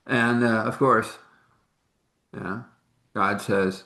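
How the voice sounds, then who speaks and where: A man's voice: medium pitch, slow pace, long pauses, a bit bright, roomy sound. A man telling an informal faith story in a rambling, chuckling, conversational way.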